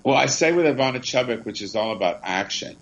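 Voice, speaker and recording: A man's voice: mid-range voice, lively intonation, fast, dull audio, slight background noise. A middle-aged man, a comedian and actor, telling chatty, rambling anecdotes in an interview. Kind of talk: casual interview storytelling.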